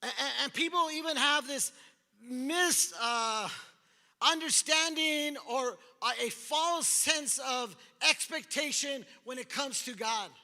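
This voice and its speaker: A pastor preaches with a strikingly high, bright voice. He is animated and acts out the figures from the scripture story. His voice rings with the long reverb of a large church hall. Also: takes it slowly. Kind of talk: sermon.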